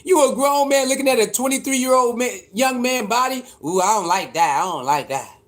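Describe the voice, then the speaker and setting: High-voiced man ranting in disbelief. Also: normal speed. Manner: mocking, incredulous, swings between shouting and mumbling; repeats himself, frequent laughs and restarts. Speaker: commentator reacting to online critics. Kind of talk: animated casual rant.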